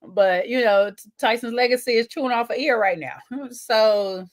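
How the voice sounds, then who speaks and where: A woman's voice: on the high side, moderate pace. A woman, co-hosting a casual chat show, talking to viewers while eating, with teasing asides. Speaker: podcast co-host.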